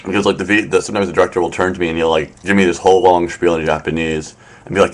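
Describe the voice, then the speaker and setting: A man's voice: low voice, flat delivery, rapid-fire. A man hosting a casual live stream from his room, rambling with lots of fillers and a wry tone. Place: apartment in Tokyo.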